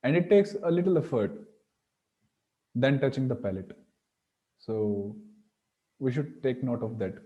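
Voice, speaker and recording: A man teaching a pronunciation lesson, slowly demonstrating sounds and repeating syllables. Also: medium pitch, mellow, lo-fi sound. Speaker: Sanskrit teacher.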